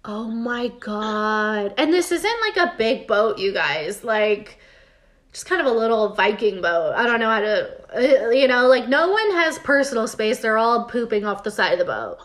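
A woman's voice: fairly high pitch, big pitch swings, moderate pace. A woman casually recapping a TV episode for her co-host, chatty and sarcastic, reading bits from her notes. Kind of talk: casual chat.

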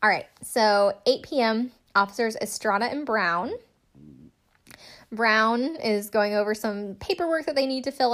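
A young woman casually recapping a TV show, chatty and sarcastic, full of "like" and quick asides. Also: medium pitch. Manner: chatty, sarcastic, lots of "like" and laughs. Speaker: podcast host recapping a TV show.

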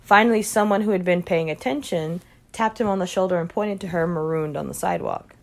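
A woman reading a short story aloud, her voice low and noticeably gravelly with vocal fry. She keeps a calm, even narrating pace throughout. The delivery is unhurried and steady. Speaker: reader.

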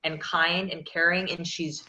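A woman's voice: fairly low pitch, flat delivery, unhurried, sharp tone. A woman in her thirties hosting a podcast, talking earnestly in a rambling way with many restarts. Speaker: podcast host. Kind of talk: casual podcast conversation. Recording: echoey, dull lo-fi sound.

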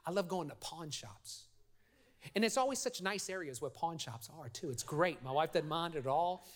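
High-voiced pastor, lively sermon. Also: male voice, moderate pace. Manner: lively storytelling with audience call-and-response. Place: church sanctuary.

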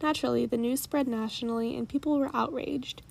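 A woman's voice: on the high side, fairly even intonation, fairly quick, creaky, a little mellow. A young woman from Oklahoma hosting a podcast, commenting in an earnest, mildly indignant way on clips and tweets she plays and reads. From Tulsa, Oklahoma, US. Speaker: podcast host.

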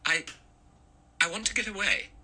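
A man's voice: high-pitched, moderate pace, bright, forceful tone, voice pushed up, full character voice. A man voicing a frightened young woman in an audiobook, speaking in a raised, breathless, pleading voice. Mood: panicky. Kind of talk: audiobook character voice.

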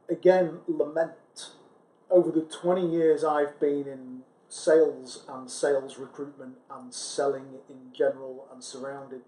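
A man's voice: mid-range voice, dark tone. A man co-hosting a casual chat, thinking aloud in a reflective way with frequent restarts. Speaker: podcast co-host, sales recruiter. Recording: echoey room.

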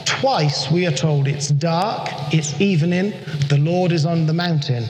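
High-voiced preacher in an echoing hall. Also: male voice, darkish tone, slight background noise. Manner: earnest, slows down for emphasis. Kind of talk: sermon. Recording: echoey hall with long reverb.

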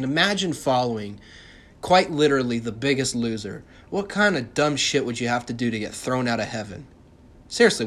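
A man's voice: a little high, a bit bright. Profane young man ranting heatedly. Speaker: podcast host. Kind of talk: ranting monologue.

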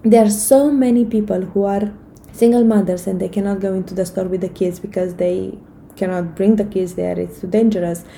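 Earnest woman with a gravelly, warm voice. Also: mid-range voice, fairly even intonation, a little fast, slight background noise, low-quality recording. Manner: earnest and encouraging, with frequent fillers and restarts. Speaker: vlogger giving life advice. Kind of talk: casual motivational talk to camera.

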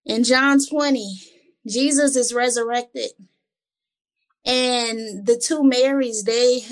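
Her pitch fairly high, this woman co-hosts a Bible study, reading verses aloud and musing on them in an earnest, chatty way. She frequently repeats words as she collects her thoughts.

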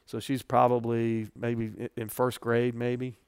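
A middle-aged man teaching a Bible study, telling a personal testimony in an earnest, conversational way that rises with feeling and then drops quiet. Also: monotone, a little slow, clean tone, no room sound, clean studio sound. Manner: earnest and conversational, voice swelling then dropping low.

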